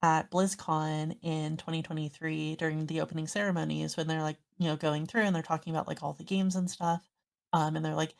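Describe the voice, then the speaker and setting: A woman's voice: sits low, little pitch movement, a little fast, gravelly. A woman guest on a podcast, chatting casually and rambling through a story with lots of fillers. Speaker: guest streamer.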